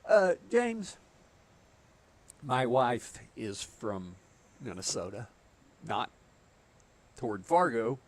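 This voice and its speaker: A man's voice: mid-range voice, sing-song, extremely slow, long pauses. A middle-aged man with a Southern US accent, chatting casually and telling stories while streaming a game. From southeastern United States. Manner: chatty storyteller, chuckles often. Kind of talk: casual chat while gaming.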